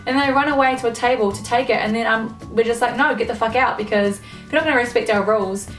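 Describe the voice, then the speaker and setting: A woman's voice: a little high, fast talker, soft background music. A young woman, ranting casually to camera, swearing often and leaning on fillers. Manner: swears a lot, filler-heavy, exasperated. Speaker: vlogger. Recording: echoey room, mic at a distance.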